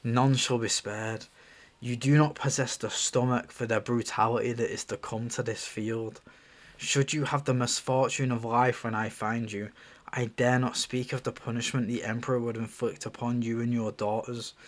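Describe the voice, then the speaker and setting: A man reading the part of a stern Roman governor aloud from a screenplay, in a quiet, measured and threatening way. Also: mid-range voice, little pitch movement, lightly acted. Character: stern male Roman governor, menacing and cold.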